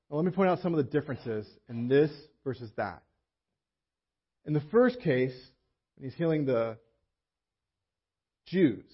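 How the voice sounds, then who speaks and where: A man's voice: on the high side, husky. A male pastor giving a conversational sermon, often slipping into quoted voices of the people he describes. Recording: muffled lo-fi sermon audio.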